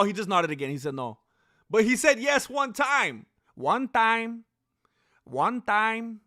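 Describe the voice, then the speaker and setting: Excitable high-voiced man reacting to a fight. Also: slow, no echo, clean studio sound. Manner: excitable, with sudden shouted outbursts; mimics fighters in goofy voices. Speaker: fight commentator. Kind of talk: live fight reaction stream.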